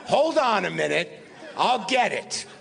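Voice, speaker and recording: Man doing a high-pitched, fussy old-timer impression, slow, stretched lines. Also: very animated, vocal fry, fairly bright tone, full character voice. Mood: insistent. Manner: high, drawn-out, emphatic delivery.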